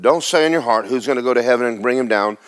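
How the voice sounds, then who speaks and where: A man's voice: medium pitch, fast, clear, resonant tone. Male preacher, church sermon, casual delivery with repeated words and questions to the congregation. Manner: conversational preaching with repetitions and rhetorical questions.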